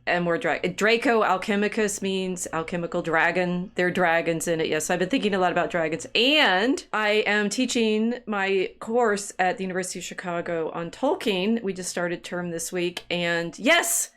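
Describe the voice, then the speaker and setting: A woman's voice: on the low side, moderate pace, hardly any pauses, fairly bright tone. A middle-aged woman co-hosting a podcast in casual chat, playful and enthusiastic, laughing often. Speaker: podcast co-host.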